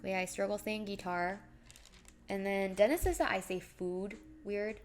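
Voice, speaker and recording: A woman's voice: mid-range voice, steady tone, a little slow. A young woman chatting casually on a live stream while crafting, rambling and reading out viewer messages. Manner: chatty, rambling, reads chat aloud.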